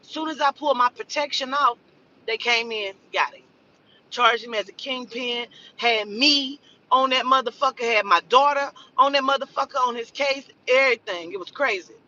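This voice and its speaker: A woman in her forties, a spiritual advisor, telling a story in casual, profane, animated talk and acting out the voices of others. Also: on the high side, moderate pace, recorded from a distance, muffled recording, slight background noise.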